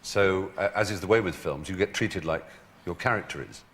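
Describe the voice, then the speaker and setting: An Englishman who is a talk show guest, telling anecdotes in an articulate, wry way with animated asides. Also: deep voice, brisk. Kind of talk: anecdotal storytelling.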